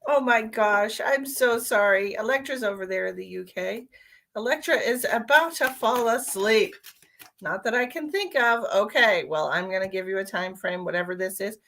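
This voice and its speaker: A woman's voice: mid-range voice, normal speed, fairly bright tone. A tired woman, a psychic medium, chatting casually on a live stream and calling viewers by name while she gives readings.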